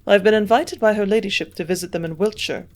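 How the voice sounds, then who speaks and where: An earnest young doctor in a storybook reading, voiced by a woman in her own tone. He asks plain, curious questions at a middling pitch, with little change from the narration. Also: quick pace, close to an everyday voice.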